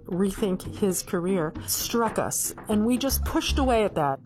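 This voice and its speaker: A woman with a mid-range voice recounts past events calmly and plainly. Faint music plays softly underneath her. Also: mid-range voice. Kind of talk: recounting history in a clip.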